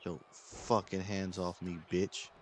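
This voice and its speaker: A man's voice: low-pitched, level tone, slow, a little hiss or hum. A young man commentating his own gameplay, angry and frustrated, swearing constantly. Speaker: gaming channel host.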